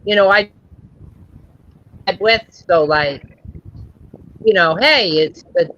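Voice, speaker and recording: A man hosting a casual joking stream chat, rambling with many halting restarts. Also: high-pitched, a bit bright, muffled recording.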